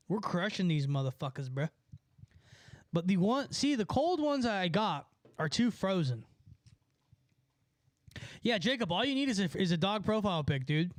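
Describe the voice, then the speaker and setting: Young man, high voice, live-stream chat, laughing and swearing, dry close sound. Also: no echo. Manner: laughing, mocking, profane.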